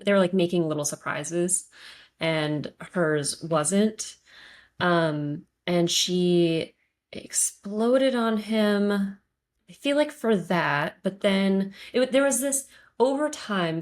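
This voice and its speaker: A woman's voice: medium pitch, takes it slowly. A woman co-hosting a podcast, talking in a casual, thoughtful way with many fillers. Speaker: podcast co-host. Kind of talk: casual chat.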